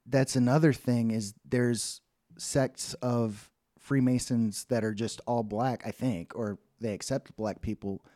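A man's voice: medium pitch, fairly even intonation, unhurried, dark tone, no echo, clean studio sound. A man co-hosting a podcast in casual chat who rambles, restarts his sentences and laughs often. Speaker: podcast co-host.

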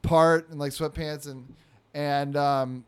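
A man's voice: fairly high pitch, steady tone, slow pace, clean tone. A man telling a story in casual chat, rambling with lots of fillers. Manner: rambling, filler-heavy, acts out quotes in a raised voice.

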